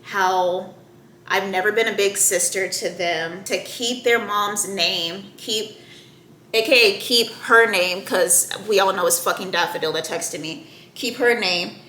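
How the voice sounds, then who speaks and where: A woman's voice: medium pitch, steady tone, unhurried, pushed and bright, roomy sound, a little hiss or hum. A young woman telling a personal story to her viewers in a casual, heated, profane way. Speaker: storyteller vlogger.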